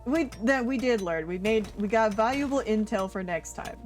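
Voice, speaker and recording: A woman's voice: on the high side, animated, moderate pace, a little mellow, faint music behind. A woman streaming a game live, chatting casually with a friend and laughing often. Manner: laughs often, playful teasing. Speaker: Twitch streamer. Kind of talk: casual gaming stream chat.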